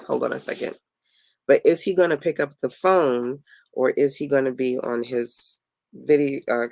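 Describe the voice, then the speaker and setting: A woman's voice: a bass voice, vocal fry, a little mellow, no echo, rough recording. Tired, playful woman hosting a late live. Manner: chatty and playful, talks to viewers and family mid-stream. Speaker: online business coach hosting a live stream. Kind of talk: casual late-night live teaching. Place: home at night.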